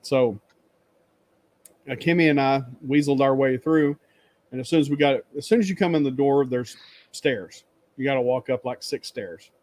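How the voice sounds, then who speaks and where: Male livestream host, mid pitch, rambling storyteller who laughs a lot and acts out greetings, webcam sound. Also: moderate pace, a little mellow, no echo. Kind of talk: casual chat. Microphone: webcam stream setup.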